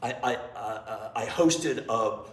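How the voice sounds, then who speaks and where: Fairly low-pitched and slow, this man is recorded from a distance in an echoey room with faint ambience. He teaches improv and, as an interview guest, tells stories before a live audience in a small theater. He's bluntly profane, swearing freely and acting out scenes with animation.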